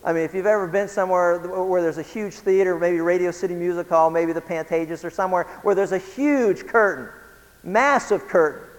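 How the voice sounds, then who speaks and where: A high-pitched male pastor delivering a sermon, punching some lines loudly and dropping others to a hush. He poses questions to his listeners and chuckles now and then. His voice trails off in the long reverb of a large hall. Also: normal speed. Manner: dramatic preaching, swings from loud emphasis to hushed.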